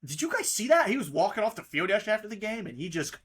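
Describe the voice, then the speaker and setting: Young guy, sports podcast host, heated rant, swings up and down, bright edgy voice. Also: high-pitched, very animated, very fast, husky. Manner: heated, swears a lot, addresses teams mockingly.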